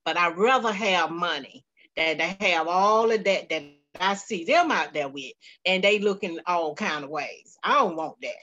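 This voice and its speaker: A woman with a bright, forceful voice speaks on a group video call. Her talk is chatty and playful, with easy laughing asides. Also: fairly low pitch, lively intonation, moderate pace, muffled recording. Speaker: call participant. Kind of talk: casual testimony on a video call.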